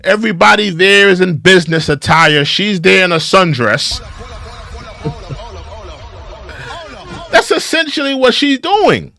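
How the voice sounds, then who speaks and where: A man's voice: high-pitched, very animated, slow, pauses often, bright, forceful tone. A man hosting an opinion show, giving critical commentary on clips and repeating his phrases for emphasis.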